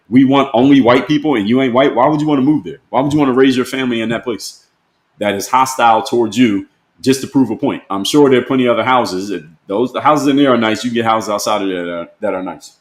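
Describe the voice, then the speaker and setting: A man's voice: mid-range voice, fast, roomy sound. A man hosting a live-stream, talking plainly and pressing his point with repeated rhetorical questions. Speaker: host.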